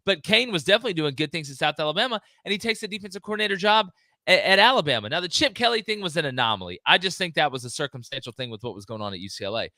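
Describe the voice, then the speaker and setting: A man holding forth on sports in a casual, animated way. His voice is bright and forceful, a touch higher than most men, recorded close and dry. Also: rapid-fire, dry recording. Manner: animated, mocking quoted voices, laughing asides. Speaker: podcast co-host.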